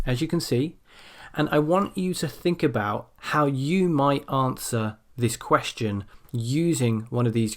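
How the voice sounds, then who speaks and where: Man explaining grammar in a lecture. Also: medium pitch. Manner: explanatory, demonstrates intonation with example sentences. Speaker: English exam teacher. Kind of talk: recorded video lecture.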